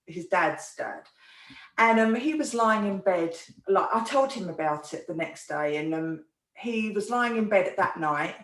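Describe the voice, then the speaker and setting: A woman's voice: medium pitch, far from the mic. A woman, a therapist and podcast host, talking in an earnest way as she retells a personal story on a live show. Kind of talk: casual talk on a live podcast. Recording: roomy echo, speaker away from the mic.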